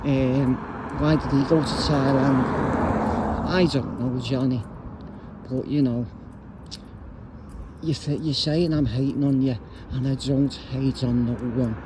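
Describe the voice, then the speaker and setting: A man's voice: mid-range voice, fairly even intonation, takes it slowly. Blunt man ranting on the street. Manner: blunt, rambling, slangy. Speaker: YouTuber. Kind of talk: casual vlog rant while walking. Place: outdoors on a street. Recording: street noise with traffic.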